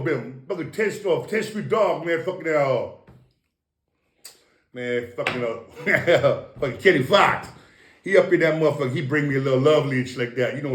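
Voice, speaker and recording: Profane, boastful man in an echoey room. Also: on the high side. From Samoan American. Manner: profane, boastful, animated storytelling. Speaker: interview guest. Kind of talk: casual interview storytelling.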